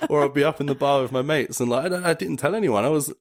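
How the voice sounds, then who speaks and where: A man's voice: on the high side, quick pace, no echo, studio quality. A man, a podcast guest telling stories in casual chat, upbeat and laughing often as he acts out the people he describes. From England.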